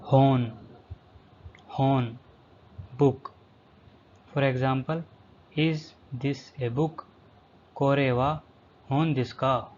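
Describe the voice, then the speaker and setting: Very slow man drilling vocabulary. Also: medium pitch, steady tone, darkish tone. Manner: says each word twice, then the English. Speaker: language teacher. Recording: slightly dull lo-fi recording, faint background hum.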